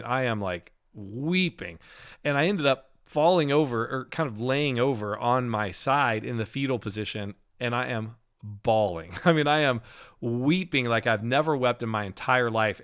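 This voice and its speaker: Animated man telling a faith story. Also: mid-range voice, clean tone. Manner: animated storytelling with laughs and restarts. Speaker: podcast co-host. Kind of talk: casual faith testimony.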